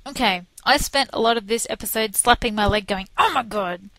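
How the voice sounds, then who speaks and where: Animated woman co-host, bright-pitched and close-miked, dry room. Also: a little fast, no echo, rough recording. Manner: excitable, animated storytelling. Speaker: podcast co-host. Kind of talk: casual chat.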